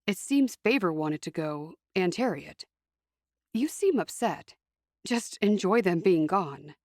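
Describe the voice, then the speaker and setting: A woman voicing a calm, even-tempered young Amish man who speaks quickly in a slightly lowered voice. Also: no room sound, studio quality.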